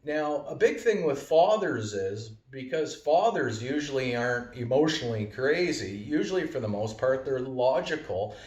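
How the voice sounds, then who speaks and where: A man's voice: mid-range voice, lively intonation, normal speed, hardly any pauses, darkish tone. A man giving a casual, rambling monologue full of fillers and wordplay. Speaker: vlogger. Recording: roomy, distant from mic.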